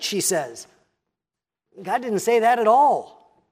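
A pastor preaching a sermon, teaching in a measured tone and reading scripture aloud. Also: mid-range voice, very animated, darkish tone, husky.

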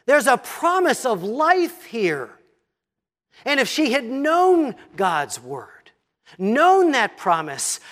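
A pastor preaching a sermon, teaching in a measured tone and reading scripture aloud. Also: medium pitch, big pitch swings, a bit bright.

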